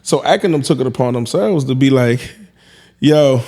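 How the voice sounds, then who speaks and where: A man's voice: medium pitch, expressive, a little fast, a little mellow, husky. A man hosting a casual podcast, telling a story in a laid-back way and acting out the back-and-forth. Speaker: podcast host.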